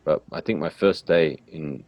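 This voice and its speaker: An Australian man hosting a relaxed, chatty conversation. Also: very deep voice, moderate pace, dry recording, muffled recording. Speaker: English teacher, host. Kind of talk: casual conversation.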